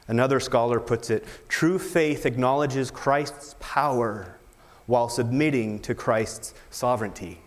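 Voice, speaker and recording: A man's voice: medium pitch, in a large hall. A man preaching a sermon, emphatic, with rhetorical questions. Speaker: pastor.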